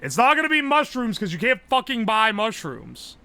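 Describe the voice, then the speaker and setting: A man streaming live, chatting casually, loud and profane, yelling nearly every phrase. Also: high voice, wildly swooping pitch, normal speed, gravelly, clear, resonant tone, no echo. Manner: brash and profane. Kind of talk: casual livestream chat.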